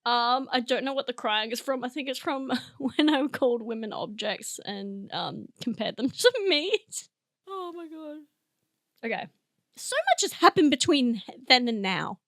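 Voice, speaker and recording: A woman's voice: a little high, lively intonation, normal speed, a bit bright, no echo, clean studio sound. A young woman hosting a comedy podcast, rambling and giggling through a monologue, teary from laughing. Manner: giggly, rambling, self-interrupting.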